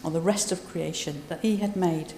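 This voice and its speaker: A woman's voice: fairly low pitch, fairly even intonation, moderate pace, dark tone, slight background noise. A woman giving a conversational sermon, retelling scripture with asides. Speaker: preacher. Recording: echoey hall, voice from a distance.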